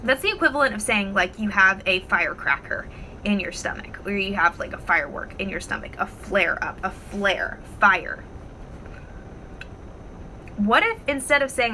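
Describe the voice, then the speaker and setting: A woman vlogging at home, talking casually to the camera and telling stories in an expressive, animated way. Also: mid-range voice, normal speed, a little hiss or hum, rough recording. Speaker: wellness vlogger. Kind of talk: casual talk to camera with storytelling.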